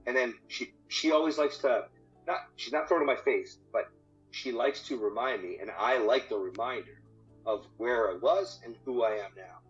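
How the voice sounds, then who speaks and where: A marriage coach appears as a podcast guest, and in this interview he talks about marriage in a casual, energetic way, cursing freely and repeating words. His voice sits at a medium pitch and moves at a moderate pace. The audio is dull and lo-fi, with faint music underneath.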